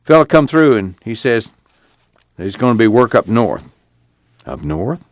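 A man's voice: lowish voice, very animated, measured pace, no room sound, studio quality. A man voicing a weary drifter who talks in a plain, blunt rural drawl.

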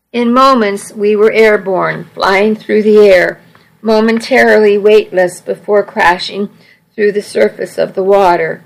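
A woman's voice: medium pitch, fairly even intonation, unhurried, vocal fry, low-quality recording. A woman reading a first-person story aloud in a wry, conversational way. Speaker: audiobook narrator.

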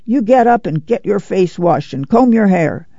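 Male reader doing a gravelly farm mother, folksy and brisk. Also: fairly high pitch, mellow, dry recording, muffled recording. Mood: urgent. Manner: folksy rural drawl, brisk and commanding. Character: weary determined Dust Bowl mother, middle-aged woman.

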